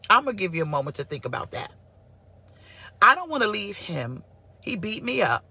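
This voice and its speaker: A woman pastor giving a casual live-streamed sermon, sassy and animated as she answers her online viewers. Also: mid-range voice, moderate pace, husky. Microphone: phone or computer mic for live stream.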